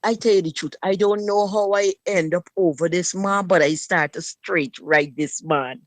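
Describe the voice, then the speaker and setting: A woman recounts her own story in an emphatic, forthright way, often turning to address the listener directly. Her voice sits fairly low, and the recording is dry and close. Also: moderate pace, no room sound. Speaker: guest sharing personal story. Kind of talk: personal testimony on a talk show.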